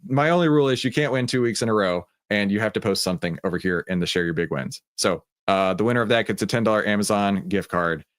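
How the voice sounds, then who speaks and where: A man's voice: fairly low pitch, quick pace, hardly any pauses, no echo, studio quality. Chatty Texan man hosting a trading stream. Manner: casual and chatty, many fillers. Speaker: trading room host. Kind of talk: livestream trading commentary.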